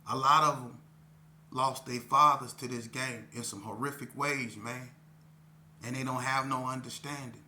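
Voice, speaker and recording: A middle-aged man from Las Vegas tells his own story in casual street talk, earnest and rambling. His voice is bright and forceful, and a faint hum sits under it. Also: mid-range voice, steady tone, moderate pace. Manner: earnest, rambling, drops "you know what I'm saying" often. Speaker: host telling his life story.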